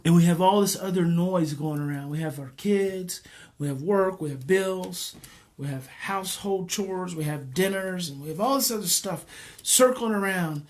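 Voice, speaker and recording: A man, a parenting educator, leading a guided emotional exercise in a slow, repetitive coaching cadence. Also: high voice, darkish tone.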